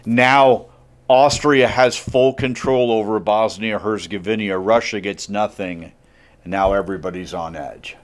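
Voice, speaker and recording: A male history teacher giving a casual classroom lecture, chatty and jokey, with lots of "like" and acted-out asides. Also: on the low side.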